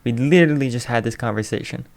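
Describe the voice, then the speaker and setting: A man voicing an aloof teenage boy loner who speaks in a flat, dry deadpan. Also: medium pitch, quick pace, gravelly, lightly acted.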